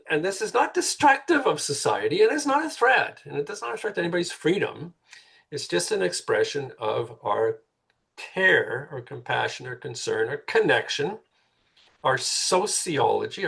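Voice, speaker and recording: A man's voice: fairly high pitch, creaky, a bit bright, breathy edge. A middle-aged man, a guest author in a conversational podcast interview, making his points earnestly and repeating words as he builds them.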